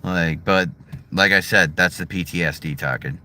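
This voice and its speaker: Middle-aged American man, low and bright-edged, blunt and profane, casual vlog chat outdoors. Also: normal speed. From United States. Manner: blunt, profane, swings between heated and subdued. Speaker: vlogger. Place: his driveway.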